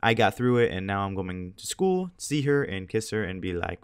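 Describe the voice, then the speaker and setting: A teenage guy rambles through casual video commentary, his low voice tired and a little scratchy. He talks in a chatty, meandering way and keeps it loose and self-amused. The sound is dry and close, with no room around it. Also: animated, moderate pace, smooth, dry recording. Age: teens. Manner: chatty, rambling, laughs at himself. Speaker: gameplay commentator.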